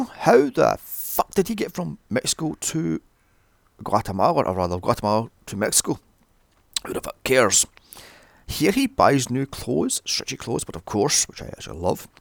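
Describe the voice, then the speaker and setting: A man's voice: medium pitch, gravelly, no room sound. A man recapping a film in a sweary, sarcastic rant, picking holes in the plot. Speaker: film reviewer.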